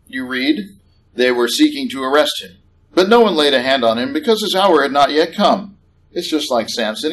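A man preaching a sermon in a church, conversational and animated, rising in pitch on questions. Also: slight background noise, rough recording. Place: church hall.

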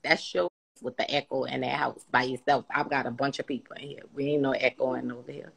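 Low, gravelly woman with a New Orleans accent. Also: brisk. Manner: teasing, laughing, lively Southern slang. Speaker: mother on a live video chat. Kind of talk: casual chat on a livestream. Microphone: phone.

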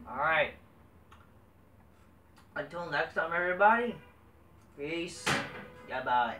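A man rants through a wrestling show review, swearing constantly. His voice is bright and forceful. He sits back from the mic in an echoey room with a faint hum behind him. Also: a little high, expressive, slow pace, pauses often, recorded from a distance. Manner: profane, exasperated, swears constantly. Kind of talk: casual ranting review.

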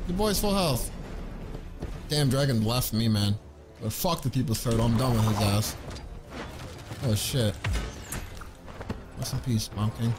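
A man streaming a game, giving loud, hyped, boastful commentary full of swearing. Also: medium pitch, measured pace, long pauses. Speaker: gaming streamer. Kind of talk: excited gameplay commentary. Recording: game music loud behind voice. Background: loud game music.

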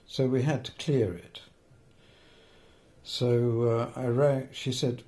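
A man's voice: medium pitch, steady tone, slow, warm tone. An older man, a film editor, telling anecdotes in an interview, hesitant with fillers and restarts and the odd chuckle.

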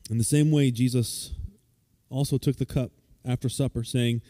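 A male pastor gives a casual, conversational sermon in a warm, mellow voice at a middle pitch. He talks informally, stumbling over restarts and fillers, and turns lively when retelling a story. The sound is close and dry. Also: moderate pace, no echo. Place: church service.

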